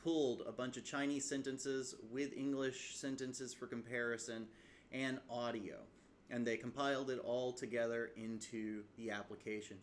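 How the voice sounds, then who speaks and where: A man's voice: mid-range voice, normal speed, slight background noise. A man casually walking through a self-taught language study routine, rambling a little with frequent fillers and sounding out tones as examples. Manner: relaxed, rambling, many uh fillers, demonstrates tones aloud. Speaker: language learner vlogger. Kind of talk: casual screen-share tutorial. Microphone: webcam setup.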